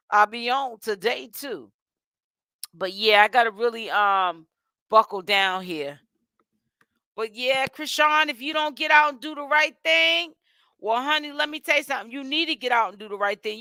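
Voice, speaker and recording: Sassy chatty woman, bright voice. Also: a little high, no room sound, studio quality. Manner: sassy and chatty, full of "honey" and "child" asides. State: tired and yawning while fasting. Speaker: gossip commentary vlogger. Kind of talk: casual chat.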